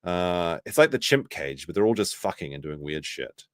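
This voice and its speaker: A man hosting a commentary stream, reacting sarcastically to a clip, jumping between loud outbursts and muttered asides. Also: deep voice, very animated, normal speed, dry recording, clean studio sound.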